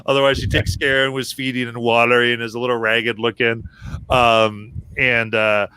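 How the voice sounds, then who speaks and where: A man game master narrating a tabletop game in a relaxed, halting way with many fillers. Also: medium pitch, clean tone, no room sound, low-quality recording.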